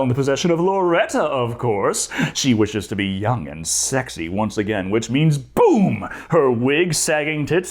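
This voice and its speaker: A man narrating a comedic movie review in a sarcastic, jokey manner. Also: mid-range voice.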